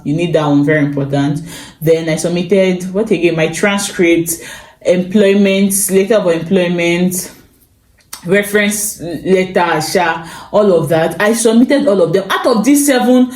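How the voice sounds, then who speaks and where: Young Nigerian woman, casual vlog storyteller, lively and exclaiming, lowish voice, roomy phone recording. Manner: animated, exclaims and repeats phrases. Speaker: vlogger.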